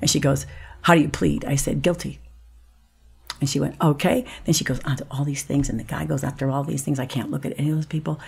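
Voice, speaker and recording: Low, gravelly woman telling a story. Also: flat delivery, rapid-fire, hardly any pauses, a little mellow. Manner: vivid storytelling, acts out voices, drops to a whisper. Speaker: guest actress. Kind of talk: podcast storytelling.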